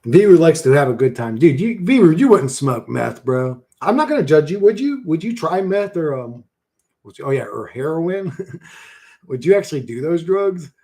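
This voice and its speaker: A man's voice: on the high side, big pitch swings, normal speed, mellow. A man hosting a casual livestream, reading chat and answering bluntly with lots of swearing and "bro.".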